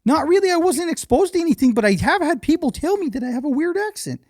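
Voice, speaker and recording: A man voicing a woman cashier with an odd twangy accent, speaking in a high, drawling sing-song. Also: sing-song, fast talker, a little mellow, dry recording, studio quality, exaggerated voice. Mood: chatty.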